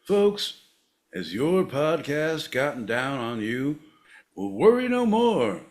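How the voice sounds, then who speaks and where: A man's voice: mid-range voice, big pitch swings, slow pace. A man co-hosting a comedy podcast, theatrical and mock-solemn, slipping into mock-infomercial patter. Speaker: podcast co-host.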